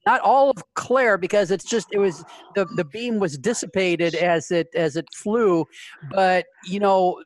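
A playful game master narrating an improvised tabletop scene. They keep up a quick, chatty flow of narration and toss questions to the players. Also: medium pitch, no echo.

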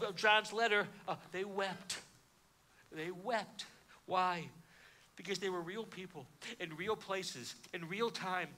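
A man preaching a sermon, emphatic, swinging between hushed and loud delivery. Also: sits high.

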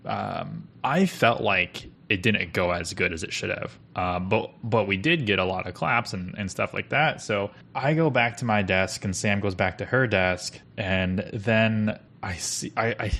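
A man's voice: on the low side, a little slow, creaky, few pauses, pushed and bright. A young man co-hosting a podcast, telling stories casually and rambling with lots of fillers and restarts. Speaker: podcast co-host. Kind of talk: casual storytelling chat.

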